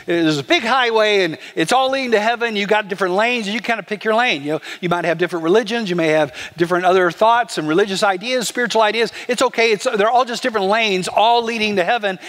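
A male pastor delivers a sermon in a conversational, animated way. His voice sits high, and a long reverb trails his words through the church. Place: church sanctuary.

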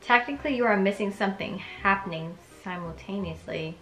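A woman's voice: medium pitch, animated, moderate pace, fairly bright tone, reverberant, faint music behind. A young woman reads aloud the dialogue of a story game, breaking in with chatty, reactive comments of her own. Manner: chatty and reactive, switches between reading and commenting. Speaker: gaming YouTuber reading a story game aloud.

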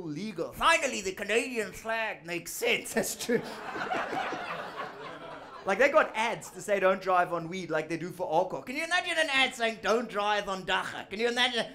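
A man's voice: high voice, very animated, fairly quick, bright, forceful tone, exaggerated voice. A man performing a brash, mocking male puppet comedian with a South African accent, doing live stand-up with a ventriloquist act. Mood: cheeky roasting.

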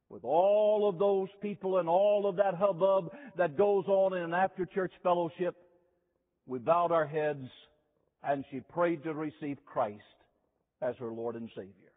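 A man preaching a sermon, telling stories slowly and emphatically, repeating key phrases. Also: high-pitched. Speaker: revival preacher. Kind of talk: sermon with storytelling. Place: chapel. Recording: tinny lo-fi chapel recording with long reverb.

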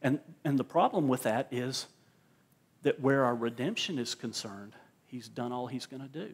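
A man's voice: medium pitch, expressive, moderate pace, husky. A male pastor preaching a sermon at a church service, emphatic and repeating words as he drives his points home.

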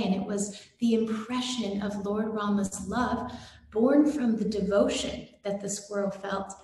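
A woman giving a gentle, devotional sermon and telling a story, with some fillers. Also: mid-range voice. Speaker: satsang speaker. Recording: very echoey room.

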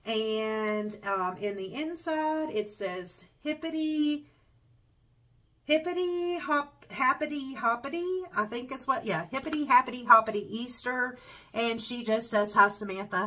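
A chatty Southern woman talks to her viewers with a stuffy, nasal voice. Her tone is bright and a bit sharp. She keeps dropping in fillers as she goes. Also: medium pitch, poor audio. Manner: chatty, warm-hearted, says y'all and um a lot. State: congested, nasal from a cold. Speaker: craft channel host. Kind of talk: casual chat to camera.

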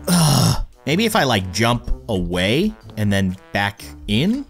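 A man giving excitable let's-play commentary as a gaming YouTuber, pleading with the game and cheering on a teammate. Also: medium pitch, slow pace, soft background music.

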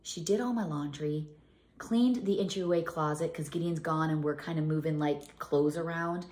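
A woman's voice: low-pitched, moderate pace, darkish tone. A middle-aged woman chatting casually as a home cooking vlogger, telling rambling stories full of restarts and fillers. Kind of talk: casual chat. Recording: echoey room.

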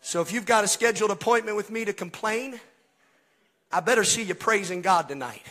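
Pentecostal pastor guy, really high voice, shouts and half-sings his lines, bright edge. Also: brisk. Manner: impassioned preaching, swings from low murmurs to shouted climaxes; calls out to congregation, chanting and half-singing lines. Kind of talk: Pentecostal sermon. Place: church sanctuary.

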